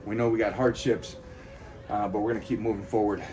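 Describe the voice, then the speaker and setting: A man's voice: lowish voice, flat delivery, brisk, darkish tone. A man talking to his viewers in a motivational vlog while doing cardio, out of breath and rallying them to push on. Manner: pep-talk, addresses viewers directly. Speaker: fitness vlogger.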